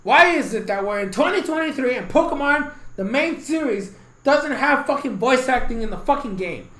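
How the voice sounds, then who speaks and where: A man's voice: very high-pitched, expressive, moderate pace, fairly bright tone, roomy sound, rough recording. A man giving a casual, rambling game review, swearing constantly and getting heated, with bursts of laughter.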